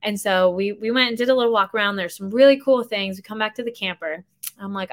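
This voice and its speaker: A woman in her thirties hosting a podcast, telling a story in a chatty, animated way and acting out the dialogue. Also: medium pitch, quick pace. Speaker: podcast host. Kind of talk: casual storytelling monologue.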